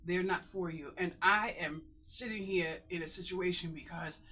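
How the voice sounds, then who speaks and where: A middle-aged woman vlogger, in pain, delivers a casual monologue of emphatic life advice, repeating phrases and calling her viewers "boys and girls" and "honey." Her voice is on the low side with a sharp tone at a normal speed, and the sound is lo-fi.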